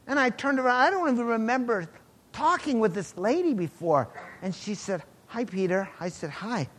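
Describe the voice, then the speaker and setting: A middle-aged man preaching a sermon, telling a personal testimony with animated swings between loud exclamations and hushed asides. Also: extremely high pitch, moderate pace, husky.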